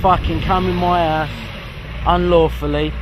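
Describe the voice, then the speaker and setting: A man's voice: high voice, level tone, moderate pace, background noise. A man, frustrated and swearing as he films a confrontation on a street. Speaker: vlogger confronting police.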